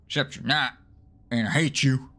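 A man commentating his own gameplay, swearing and mocking himself in exasperated rants, with sudden high yelps when frustrated. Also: fairly even intonation, moderate pace, sharp tone. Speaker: let's play gamer.

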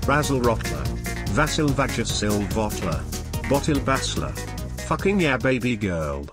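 A man's voice: mid-range voice, very animated, unhurried. A man voicing a furious, foul-mouthed male snail with a cracked shell, ranting and boasting in a comedy sketch clip. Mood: boastful. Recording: played over music.

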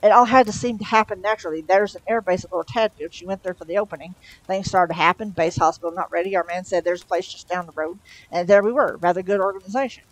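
A woman's voice: fairly low pitch, fast, dry recording, lightly acted, poor audio. A woman reading a storybook and voicing a sly, mocking male demon. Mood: breezy. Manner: breezy, mocking.

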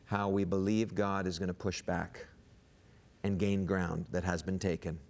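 Earnest, low-voiced man guest. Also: little pitch movement, normal speed, vocal fry. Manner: earnest, enthusiastic, frequent restarts. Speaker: guest missionary and TV producer. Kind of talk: casual studio chat. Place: TV studio.

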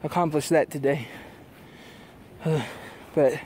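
A man recording a casual vlog outdoors in a driveway, out of breath and talking in halting, quiet, earnest phrases. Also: a little high, fairly even intonation, slight background noise. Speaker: vlogger. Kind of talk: casual vlog talk to camera.

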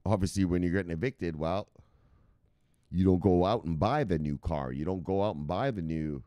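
A man hosting a casual livestream. He swears a lot, jumps into loud bursts and keeps repeating the same catchphrases. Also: sits low, normal speed, no echo, clean studio sound. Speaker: livestream host.

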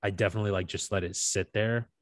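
Laid-back young man with a low voice. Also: fast, no room sound, clean studio sound. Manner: animated storytelling, swears freely, laughs often. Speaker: podcast co-host. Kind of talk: casual chat.

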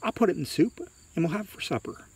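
A man voicing a pleased, homely mother in a higher voice. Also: expressive, fast talker, a little mellow, breathy edge, exaggerated voice.

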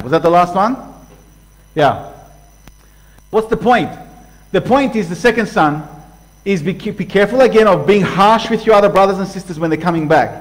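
A middle-aged man delivers a conversational sermon. His voice sits a bit high for a man, and he reads scripture aloud with energy, stopping to talk straight to the congregation. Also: low-quality recording. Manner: animated, conversational preaching with reading aloud of scripture. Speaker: preacher.

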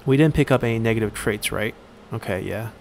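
A man giving casual let's-play commentary while he plays a strategy game, thinking aloud and pausing often on fillers. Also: fairly low pitch, creaky, a little mellow, slight background noise. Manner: thinks aloud, halting with frequent "uh".

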